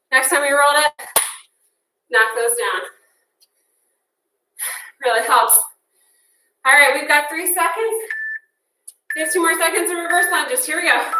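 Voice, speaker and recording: Fitness instructor, woman, 30s, bright and high, breathless workout coaching. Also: unhurried, pauses often, slight background noise. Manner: upbeat, chatty, counting down reps. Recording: echoey room from a distance.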